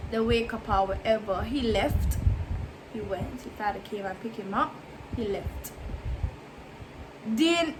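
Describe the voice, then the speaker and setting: A woman's voice: a little high, noisy background. A woman vlogger in casual storytime mode, chatty and emphatic, repeating herself and making asides to her viewers.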